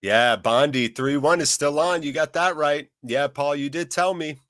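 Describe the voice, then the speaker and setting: A man's voice: on the high side, normal speed, a bit bright, no room sound, clean studio sound. A man hosting a live football watchalong, calling the match and chatting casually while reading out viewer comments. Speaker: host.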